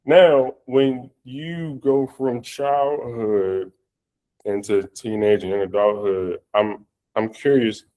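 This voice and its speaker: A man hosting a podcast in casual interview, relaxed and unhurried. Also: mid-range voice, poor audio. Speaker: podcast host.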